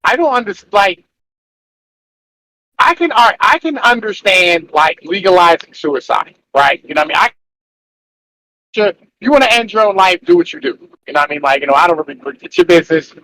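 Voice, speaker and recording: High-voiced crude, incredulous man. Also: very animated, brisk, bright, forceful tone, a little hiss or hum, poor audio. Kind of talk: casual political chat.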